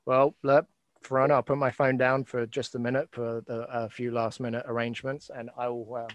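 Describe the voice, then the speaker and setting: A man hosts a casual live chat with friends, his voice sitting at an ordinary middle pitch. He rambles and restarts, and the sound is dry and close. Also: level tone, normal speed, dry recording. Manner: rambling, many fillers and restarts. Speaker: host.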